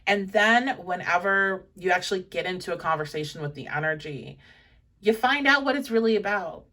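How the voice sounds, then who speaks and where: A woman's voice: medium pitch, normal speed, sharp tone, distant mic. A young woman giving a pick-a-card tarot reading in a chatty, encouraging, rambling way, full of fillers. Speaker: tarot reader.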